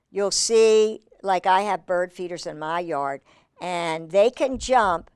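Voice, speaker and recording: A woman reading a picture book aloud to children, animated and exclamatory with chatty asides. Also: mid-range voice, clear, resonant tone, no echo, studio quality. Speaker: children's storyteller.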